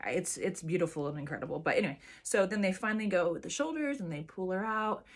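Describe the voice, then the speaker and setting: A woman's voice: lowish voice, animated, fast talker. A woman vlogger chatting casually to camera and telling a personal story with lots of fillers and restarts.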